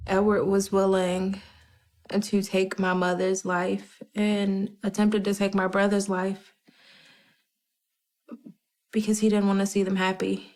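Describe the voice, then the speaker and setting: A young woman recounting events in a measured, earnest way as an interviewee in a true crime documentary. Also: mid-range voice, flat delivery, darkish tone. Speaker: interviewee, victim's daughter.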